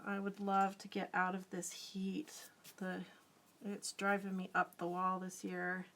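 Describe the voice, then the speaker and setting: A woman's voice: mid-range voice, monotone, unhurried, fairly bright tone. A middle-aged woman artist chatting casually on a live stream, giggling often and answering viewer comments as she draws. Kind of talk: casual live-stream chat while drawing.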